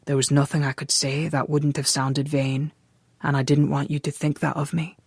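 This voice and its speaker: A narrator voicing a Scottish man who speaks softly and earnestly. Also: medium pitch, level tone, moderate pace, breathy edge, dry recording, clean studio sound. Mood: pleading. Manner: soft, earnest. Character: Scottish man, soft-spoken and pleading.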